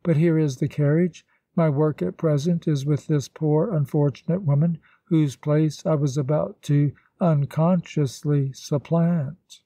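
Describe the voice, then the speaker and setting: A man reading the lines of an earnest young woman in a storybook, speaking plainly and gently. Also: on the high side, steady tone, a little slow, dry recording. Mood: hurt.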